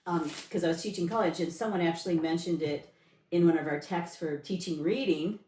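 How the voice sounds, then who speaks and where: A woman's voice: fairly low pitch, a little fast, darkish tone, recorded from a distance. An older woman, a retired teacher educator, co-hosting a casual podcast chat; she talks expressively and reads aloud in playful voices. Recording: roomy, off-mic with faint noise.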